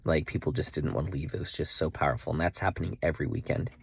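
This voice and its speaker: A man's voice: a bass voice, fast talker, creaky, husky. A young man earnestly telling a personal faith story in a casual vlog, with lots of "like" and restarts. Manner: earnest, emotional, full of "like" and restarts. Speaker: vlogger.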